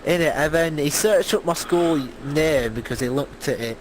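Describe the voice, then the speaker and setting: Excitable teenage boy with a Leeds accent. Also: a little high, moderate pace, slight background noise, rough recording. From Leeds, England. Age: teens. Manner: rambling, excitable storytelling with fillers. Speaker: podcast co-host. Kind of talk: casual chat.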